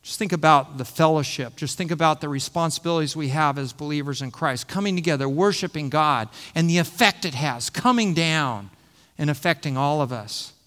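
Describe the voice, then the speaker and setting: Man, middle-aged, pastor, sermon, higher voice, reverberant sanctuary. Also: a little fast, fairly bright tone. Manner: teaching, repeats phrases for emphasis. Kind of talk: expository sermon.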